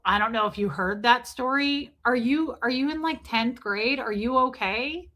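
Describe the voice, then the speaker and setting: Bright-voiced sarcastic woman streamer. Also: a little high, normal speed, few pauses. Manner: blunt, sarcastic, reads chat names aloud. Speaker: live stream host. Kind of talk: casual live-stream commentary.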